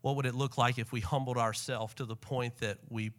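A man preaching a sermon to a church congregation, animated, swinging between soft and loud passages. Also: mid-range voice, fairly quick. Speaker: pastor. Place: church sanctuary.

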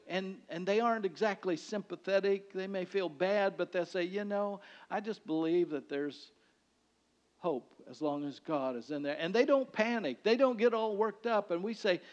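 A male pastor preaching a sermon in a conversational way, swinging between loud declarations and hushed lines. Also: high voice. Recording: dull sound with long hall reverb.

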